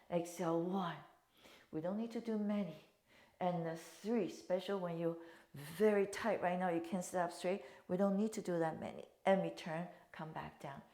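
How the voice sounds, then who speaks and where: A woman's voice: lowish voice, warm tone. A woman leading a Pilates class, cueing breaths and counts in slightly phrasing. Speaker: Pilates instructor. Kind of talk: guided exercise class instruction. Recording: echoey room.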